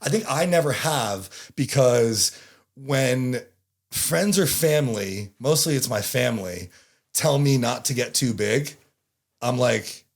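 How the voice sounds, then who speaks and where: A male podcast host in loose, animated conversation with a guest. His pitch sits in an ordinary middle range, and he jumps between voices, laughter and blunt, profane remarks. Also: slow pace. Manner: animated, swearing, laughing often. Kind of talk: casual chat.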